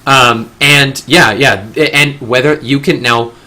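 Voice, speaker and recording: A man's voice: mid-range voice, steady tone, slow pace, bright, forceful tone. A young man hosting a casual discussion, talking earnestly in long, rambling stretches with frequent restarts. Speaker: discussion host.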